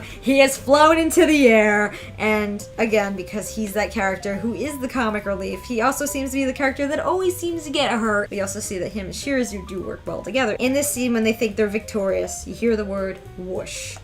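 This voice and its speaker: Excitable woman breaking down a manga chapter. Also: medium pitch, brisk, few pauses, faint music behind. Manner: excitable, emphatic, slangy. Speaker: manga reviewer.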